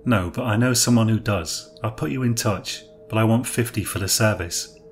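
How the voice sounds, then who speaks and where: A man's voice: lowish voice, normal speed, faint music behind, lightly acted. A man reading as a curt, sarcastic street dealer. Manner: blunt, sarcastic.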